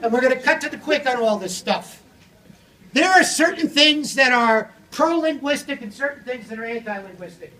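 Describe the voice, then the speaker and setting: A man giving a comic, theatrical storytelling keynote on language learning, animated and at times shouting. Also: extremely high pitch, normal speed. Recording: echoey hall audio from a distant mic with audience.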